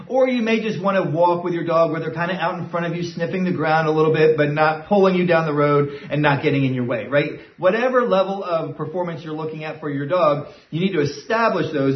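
Dog trainer explaining calmly, roomy distant sound. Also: male voice, a little high, lo-fi sound. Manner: casual, explains step by step, often adds "right?". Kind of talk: instructional talk.

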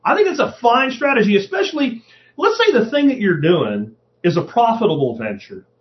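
Profane, animated man hosting a podcast. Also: very high voice, moderate pace. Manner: profane, animated, acts out quoted voices. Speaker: podcast host. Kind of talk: casual monologue. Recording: dull lo-fi podcast audio.

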